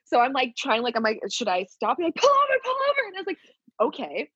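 A young woman co-hosting a podcast, chatting casually and telling stories in a lively way. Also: fast, husky, no room sound, dull audio. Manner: lively storyteller, jumping up in pitch when quoting. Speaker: podcast co-host. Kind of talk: casual chat.

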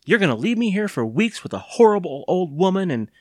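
A man's voice: high voice, sing-song, brisk, no room sound, studio quality, voice pushed up. A man reading aloud and voicing a whiny, defiant twelve-year-old boy in a raised voice. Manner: sulky, pleading, sarcastic.

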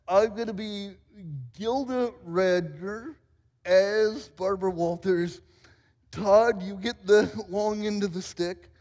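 High-voiced, unhurried man preaching in a hall. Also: fairly even intonation, darkish tone. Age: 40s. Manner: playful, self-mocking storyteller. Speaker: pastor. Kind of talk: sermon. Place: church sanctuary. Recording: reverberant church hall.

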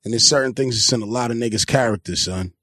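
Gravelly New podcast host. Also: male voice, mid-range voice, quick pace, no room sound, clean studio sound. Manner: animated, joking storyteller. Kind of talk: casual interview banter.

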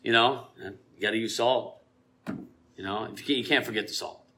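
A man giving an informal sermon, chatty and full of fillers, with loud emphasis when he reads scripture. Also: lowish voice, fairly even intonation, normal speed. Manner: laughs often and uses many fillers and restarts. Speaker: preacher.

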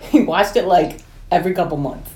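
A woman co-hosting a casual movie podcast with teasing, quick banter. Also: fairly low pitch, a little mellow, echoey room.

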